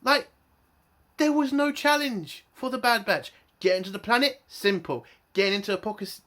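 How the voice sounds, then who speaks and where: A man's voice: high voice, moderate pace, a bit bright. Exasperated man ranting. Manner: exasperated, swearing, emphatic rhetorical questions. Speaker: TV reviewer. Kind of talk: casual review rant.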